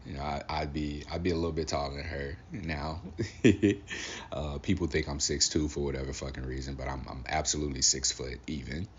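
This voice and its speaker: A man's voice: very deep voice, steady tone, brisk, a little hiss or hum. A man in his thirties hosting a solo podcast, talking about grief in an emotional, reflective way and swearing casually. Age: 30s. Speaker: podcast host. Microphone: audio-only recording.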